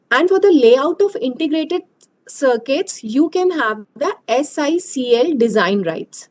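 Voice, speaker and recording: A woman giving an online lecture over a video call, explaining slowly and hesitantly. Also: high voice, a little mellow, rough recording.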